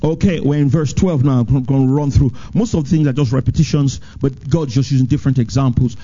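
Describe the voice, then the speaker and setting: A man preaching a sermon as pastor, with animated delivery that swings from high emphatic lines to low, drawn-out ones. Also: dull audio.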